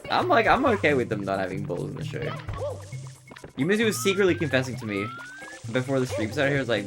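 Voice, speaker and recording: Male streamer, lively swooping delivery, chatty and quick to laugh, game music playing underneath. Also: medium pitch. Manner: animated storyteller, laughs often. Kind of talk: casual livestream chat while speedrunning.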